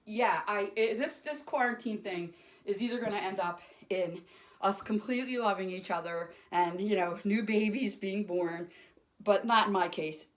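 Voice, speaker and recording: A woman's voice: medium pitch, fairly bright tone. A middle-aged woman doing solo stand-up to camera at home, rambling and emotional, jumping between topics. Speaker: stand-up comic. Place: home, alone.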